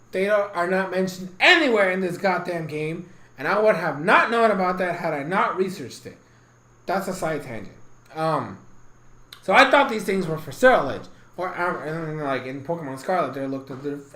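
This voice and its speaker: High-voiced man ranting with heavy profanity. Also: a bit bright, roomy sound, rough recording. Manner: profane, heated, rambling, with laughs. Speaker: game reviewer. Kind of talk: casual ranting review.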